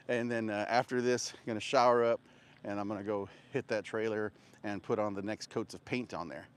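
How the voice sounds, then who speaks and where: A barbecue vendor livestreams casual chat while out on a walk, out of breath and panting between sentences. His voice is lowish, steady, and smooth, at a moderate pace.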